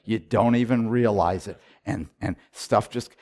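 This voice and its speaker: A middle-aged man preaching a sermon as a pastor, retelling his prayers and moving between hushed and loud delivery, often repeating and restarting his words. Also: fairly low pitch, a little slow. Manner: repetitive restarts and stammers when excited. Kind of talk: sermon storytelling.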